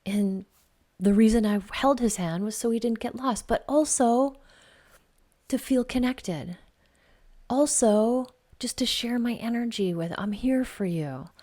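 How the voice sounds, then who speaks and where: A middle-aged woman, a podcast host and life coach, telling a personal family story in a chatty way, laughing often and dropping to a soft whisper at tender points. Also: on the high side, a little slow.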